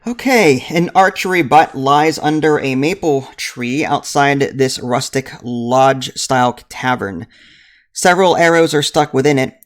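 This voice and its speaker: A man reading a storybook board game aloud in a relaxed way, with dry self-mocking asides. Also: medium pitch. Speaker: game host reading to a partner.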